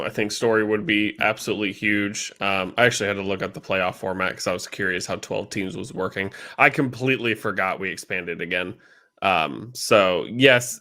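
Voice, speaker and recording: A man with a low, bright, forceful voice hosts a casual sports podcast. He rambles chattily, filling gaps with frequent ums. His tone stays loose and conversational. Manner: chatty, rambling, lots of fillers. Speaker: podcast host.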